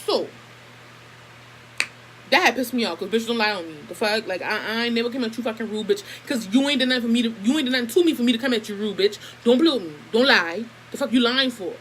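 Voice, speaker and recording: A woman's voice: fairly high pitch, fast talker, slight background noise, poor audio. A young woman telling a family story to her camera in a casual, profane and heated way. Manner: profane, animated, heated retelling. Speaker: vlogger.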